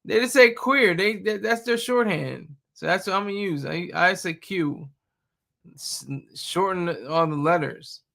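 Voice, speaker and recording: A man's voice: sits high, measured pace, gravelly, pushed and bright. A man in his thirties hosting a casual live stream, talking in a blunt, rambling and opinionated way. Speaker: streamer host.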